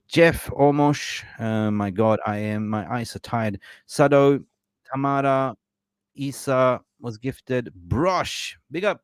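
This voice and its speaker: A man's voice: medium pitch, dry recording, studio quality. A young man hosting a fan podcast livestream, effusively thanking supporters by name and stumbling over names. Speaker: podcast host.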